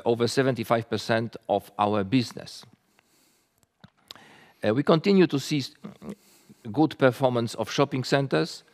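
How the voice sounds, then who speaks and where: Gravelly male executive in a reverberant hall. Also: mid-range voice. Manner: halting, frequent fillers and restarts. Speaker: company executive presenting results. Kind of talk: results presentation.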